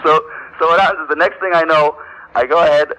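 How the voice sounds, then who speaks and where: A man's voice: fairly high pitch, steady tone, fast talker, pushed and bright, poor audio. A man guest telling the story of his prank call, eager and breathless. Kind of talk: excited storytelling on the phone.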